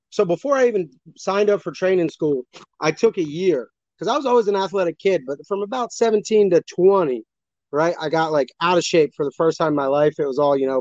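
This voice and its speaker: A man's voice: on the high side, no room sound. A man who is a professional wrestler, chatting as a guest in a loose, rambling way, a little out of breath. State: slightly out of breath. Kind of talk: casual chat on a stream. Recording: dull lo-fi sound.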